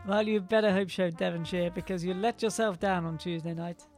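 A man's voice: high-pitched, fairly even intonation, a little fast, faint music behind. A man playing a stern, pompous male spy chief who gives orders in a clipped, commanding way.

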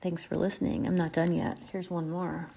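A woman hosting a casual podcast, telling creepy stories in a laid-back, chatty way and sometimes dropping into a soft whisper. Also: fairly low pitch, little pitch movement, normal speed, creaky. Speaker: podcast host.

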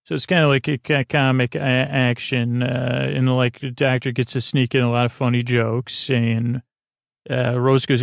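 A man recapping a TV episode in a halting, rambling way, full of fillers and restarts, speaking softly. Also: medium pitch, flat delivery, gravelly, no room sound. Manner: halting, many fillers and restarts, paraphrasing dialogue. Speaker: podcast host.

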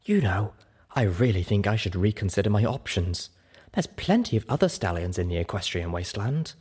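A man's voice: fairly low pitch, lively intonation, fairly quick, a little mellow, slightly rough. A man voicing a refined female pony singer with a sweet, sultry and dramatic manner. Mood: exasperated.

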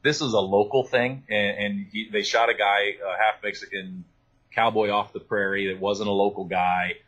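Husky low-voiced man, talkative author. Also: moderate pace, rough recording. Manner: animated, talkative, full of restarts and asides. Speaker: author and guest. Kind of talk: interview conversation.

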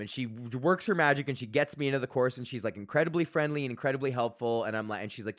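Talking rapid-fire with barely a pause, a young podcast host rants his way through a story, casual and rambling, swearing, using fillers and restarting often. He has a mid-range male voice.

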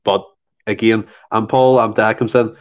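A man's voice: lowish voice, fairly even intonation, unhurried. A man talks football on a podcast with heated, ranting passion. He often stumbles and repeats himself as he builds his point. The sound is dull and lo-fi. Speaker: podcast co-host. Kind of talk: casual football chat.

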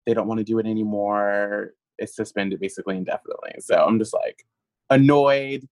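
A man being interviewed, telling a long story in an animated way, laughing often and using lots of fillers. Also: fairly low pitch, quick pace, no echo, low-quality recording. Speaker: guest. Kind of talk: casual interview chat.

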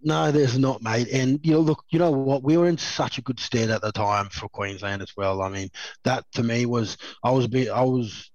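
In a relaxed, anecdotal interview, an Australian former rugby league player in his thirties tells rambling stories, laughs often and fills his speech with "you know" and "um." His mid-range voice moves at a moderate pace, and the audio is dull with no echo.

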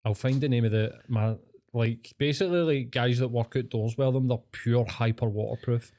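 A man's voice: mid-range voice, normal speed, mellow. A man with a Scottish accent, hosting a podcast as a casual chat and telling rambling, sweary stories. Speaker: podcast host.

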